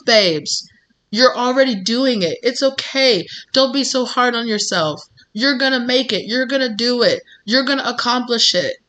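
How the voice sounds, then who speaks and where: A woman's voice: fairly high pitch, bright, forceful tone. A woman giving a casual, encouraging tarot reading straight to her viewers, full of reassurance and little fillers. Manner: encouraging, calls listener babes, many fillers. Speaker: tarot reader.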